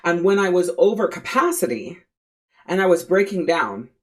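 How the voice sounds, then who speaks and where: A life coach hosting her own podcast talks candidly and bluntly in a lowish voice with lively intonation at a moderate pace. She swears freely, repeats phrases for emphasis, and keeps it casual with frequent "you know" and "right."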